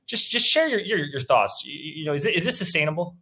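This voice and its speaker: A young man hosting a finance interview, asking questions in animated quick bursts with stammering repeats. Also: fairly high pitch. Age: young adult. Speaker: interview host.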